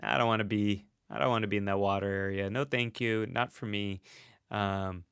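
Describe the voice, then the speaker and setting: Low-ish gravelly guy chatting on his stream, laughs a lot, dry close sound. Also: flat delivery, normal speed, fairly bright tone, no room sound. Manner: chatty and self-deprecating, laughs often, many fillers. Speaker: host of a live stream. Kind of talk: casual live-stream chat reading comments.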